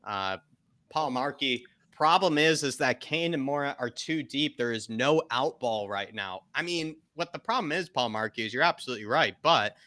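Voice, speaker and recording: Male watchalong host, bright crisp tone, dry close sound, measured and chatty. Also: medium pitch, animated, no echo. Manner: measured, conversational, reads viewer messages aloud. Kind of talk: live match chat reading super chats.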